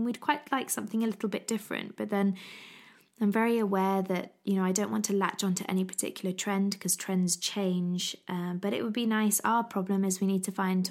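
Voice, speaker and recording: Gushing chatty woman with a gravelly edge. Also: mid-range voice. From England. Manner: chatty, gushing, repeats herself. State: pregnant. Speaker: podcast host. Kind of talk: casual chat.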